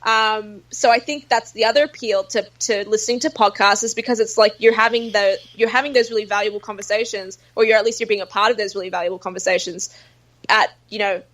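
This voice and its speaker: A woman's voice: mid-range voice, fairly even intonation, fast, a bit bright. An Australian woman, a guest on a podcast, chatting casually and swearing freely, with lots of "like" fillers.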